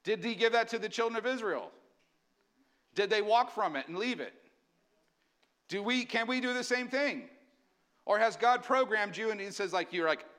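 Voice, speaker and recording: A man preaching a sermon as pastor, energetic and often asking the congregation questions. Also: high-pitched, moderate pace, long pauses.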